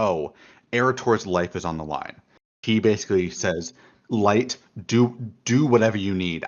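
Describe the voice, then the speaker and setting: A man talking through his thoughts on a casual podcast, thoughtful and explanatory. His voice sits fairly low. The recording sounds dull and lo-fi. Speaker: podcast co-host. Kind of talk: casual chat.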